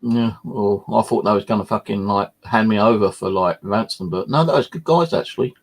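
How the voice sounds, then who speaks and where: A man's voice: on the low side, normal speed. A man hosting a live stream, chatting casually and rambling with frequent swearing and fillers. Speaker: channel host.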